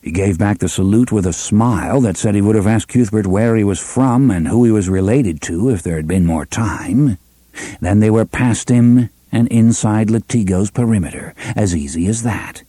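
A man narrating a novel in a steady, measured audiobook reading. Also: on the low side, husky, no room sound.

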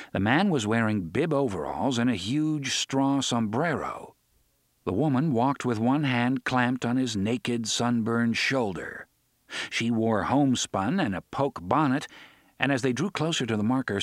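A man narrating a novel in an expressive, measured way. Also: mid-range voice, no echo, clean studio sound. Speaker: audiobook narrator. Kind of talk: scripted narration.

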